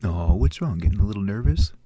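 A man's voice: on the low side, expressive, quick pace, background noise, natural voice. An actor playing an anxious man whose inner voice mocks him bitterly and swears at him, in a short film voice-over. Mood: mocking. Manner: mocking, bitter, swearing self-talk. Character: anxious man taunted by his own inner critic.

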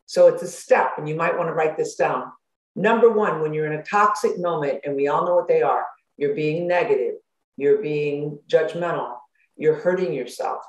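A woman hosting a motivational self-help talk as a life coach. She speaks in an animated way, acts out worried inner thoughts and laughs often, through a computer microphone. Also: low voice, normal speed. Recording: roomy echo.

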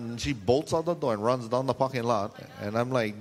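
A man preaching a sermon, telling a funny story and jumping into high squealing voices for the people in it. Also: a little fast. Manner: animated, jumps into high squealing voices for the people in his stories.

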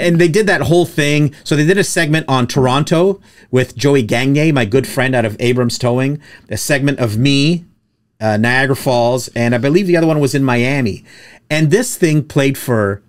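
A man hosting a laid-back podcast in a studio. He talks in a mid-pitched voice and tells jokey stories, acting out what people said in raised voices. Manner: storytelling, jokey, acts out quotes in raised voices. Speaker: podcast host, tow truck operator. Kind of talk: casual podcast chat. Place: studio with producer present.

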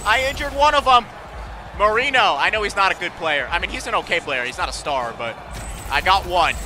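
A young man giving excited play-by-play while playing a hockey video game, shouting at goals and his voice cracking. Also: high-pitched, a little fast, slight background noise. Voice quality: frequent voice cracks. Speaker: gaming commentator.

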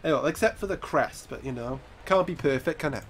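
A man's voice: fairly high pitch, fast, husky. A man with a congested, nasal voice from a cold, giving chatty gameplay commentary and exclaiming at mishaps. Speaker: gaming YouTuber.

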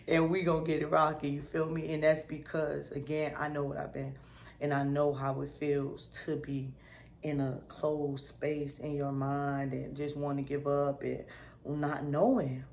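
A woman's voice: sits low, little pitch movement, measured pace, creaky, a little mellow, a little hiss or hum. Upbeat slangy woman vlogger. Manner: slangy and upbeat, keeps saying "you feel me". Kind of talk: casual motivational talk to camera.

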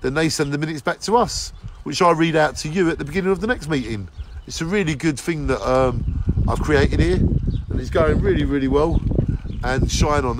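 A man, hosting a daily live show and warmly giving repeated shout-outs to viewers by name. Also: fairly high pitch, moderate pace, noisy background. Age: 40s. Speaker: live-stream host.

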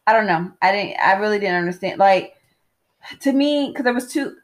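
A woman co-hosting a relaxed movie review podcast from a hot room at home. She talks in a chatty, rambling way, laughs easily and stops now and then to reach for a word. Her voice has a middle pitch. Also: moderate pace. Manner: chatty, laughs, searches for words. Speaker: podcast co-host. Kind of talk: casual movie review chat. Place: hot room at home during a power cut.

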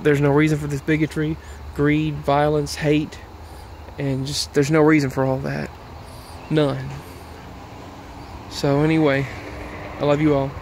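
A man's voice: fairly high pitch, monotone, unhurried, pauses often, a little mellow, slight background noise. A man vlogging in a rambling, earnest monologue, out of breath, repeating himself as he talks. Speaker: YouTube vlogger.

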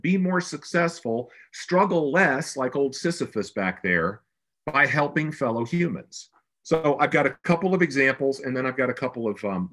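A man's voice: medium pitch, a bit bright. A man presenting a business webinar as a brand consultant, speaking in an earnest, conversational way with emphatic stresses.

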